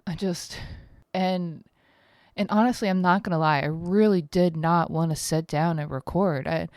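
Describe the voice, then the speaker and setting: A woman's voice: lowish voice, steady tone, moderate pace, darkish tone, dry recording, studio quality. A woman in her thirties hosting a casual solo podcast from home, tired, rambling and candid, swearing freely. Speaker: podcast host.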